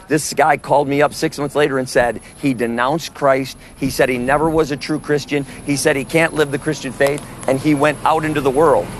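A man's voice: on the high side, a bit bright, slight background noise. A man preaching in the open air, telling stories emphatically and acting out the dialogue. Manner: storytelling, emphatic, quotes others in dialogue. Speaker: street preacher.

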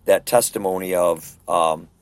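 A man's voice: sits low, fairly even intonation, measured pace, no room sound. A man leading a casual Bible study discussion, talking earnestly and conversationally and often checking in with rhetorical questions.

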